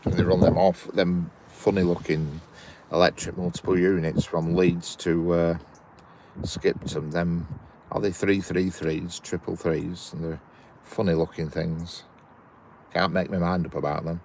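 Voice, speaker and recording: A man's voice: low-pitched, level tone, measured pace, background noise. A Northern English man chatting casually at the trackside, reading and answering viewers' messages in a rambling way. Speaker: trainspotting livestream host. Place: outdoors by a railway line. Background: birds and outdoor ambience.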